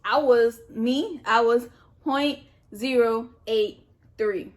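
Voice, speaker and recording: Young woman vlogger, casual storytime delivery, slightly high voice, lively and repetitive, loose with swearing. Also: takes it slowly. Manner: animated, repetitive retelling with swearing. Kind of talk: casual storytime while eating.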